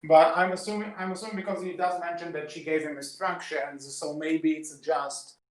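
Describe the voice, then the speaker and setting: A man's voice: on the high side, flat delivery, normal speed, reverberant. A man co-hosting a podcast, eagerly retelling movie scenes at length in casual discussion. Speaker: podcast co-host.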